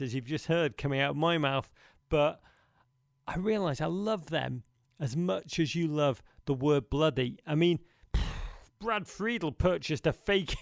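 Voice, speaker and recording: A man's voice: a little high, creaky, no room sound, studio quality. A man hosting a podcast, answering listener questions in a wistful, rambling, emphatic way. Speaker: podcast host.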